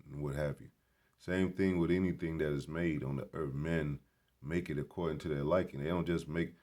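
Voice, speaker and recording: A man's voice: extremely low pitch, darkish tone. A man in a casual, rambling vlog commentary at a grocery store. He talks in an emphatic, preachy and blunt way and swears freely. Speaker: vlogger.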